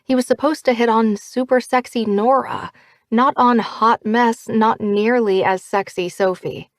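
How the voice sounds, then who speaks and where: Lively woman narrating an audiobook. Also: on the high side, a little slow, dry recording, clean studio sound. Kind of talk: first-person audiobook narration.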